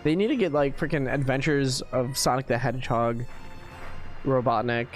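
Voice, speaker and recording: Man, streamer, casual game commentary, rambling chatty talk, mid pitch, faint game music behind. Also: normal speed. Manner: chatty, rambling, many fillers like "like".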